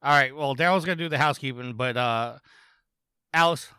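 A man's voice: mid-range voice, bright, forceful tone, clean tone, no room sound. A man co-hosting a podcast, reading gaming news and then joking with the others in a casual chat. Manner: reads news quickly, then jokes around. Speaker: podcast co-host.

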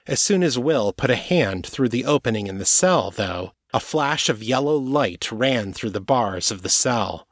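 A man narrating an audiobook chapter in a steady, even storytelling manner. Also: mid-range voice, no echo, clean studio sound.

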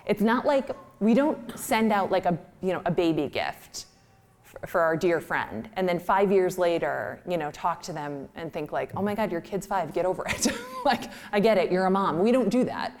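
A woman answering audience questions with candid, animated storytelling. She often laughs while telling stories, acts out quotes and leans heavily on "like". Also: on the low side, moderate pace. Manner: heavy use of "like" as filler. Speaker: guest speaker at a live Q&A.

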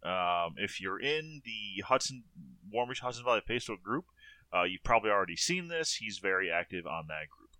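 A man's voice: lowish voice, big pitch swings, fairly quick, sharp tone, no room sound. A man co-hosting a podcast in casual chat, rambling and stalling with lots of fillers. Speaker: podcast co-host.

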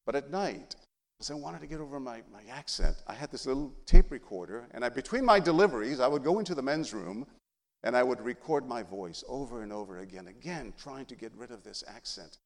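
Lively man telling stories in an echoing hall. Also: medium pitch, a little fast. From San Antonio, Texas. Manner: animated, humorous storytelling. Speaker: journalist giving a talk. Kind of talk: storytelling speech. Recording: long hall reverb.

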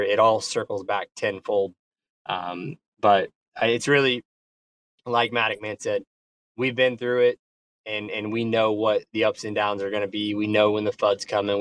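A man's voice: lowish voice, a bit bright. A man speaking casually on an online community call, effusive and often restarting his words. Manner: hesitant, repeats words, effusive. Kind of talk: casual chat.

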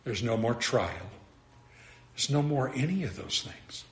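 A man's voice: medium pitch, lively intonation, measured pace, echoey room. A man preaching a sermon, earnest and emphatic, often repeating and restarting his phrases.

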